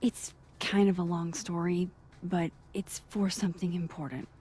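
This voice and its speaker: A woman's voice: fairly low pitch, little pitch movement, normal speed, dark tone, husky. An actress playing a dry, direct young woman investigating in a video game. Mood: wry. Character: wry young adult woman photographer investigating.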